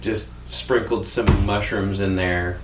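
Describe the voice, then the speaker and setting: Brief: deep-voiced male co-host, wisecracking banter, echoey room, noisy far-off mic. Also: fairly even intonation, slow pace. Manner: joking, interjecting wisecracks. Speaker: podcast co-host. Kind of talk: casual banter. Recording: echoey room, mic at a distance, clear background noise.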